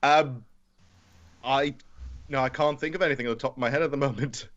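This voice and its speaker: A man's voice: mid-range voice, fairly even intonation, a little fast, a bit bright. A man playing as a quiz contestant on a podcast, hesitant and stammering through his answers. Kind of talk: casual chat. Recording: dull lo-fi audio.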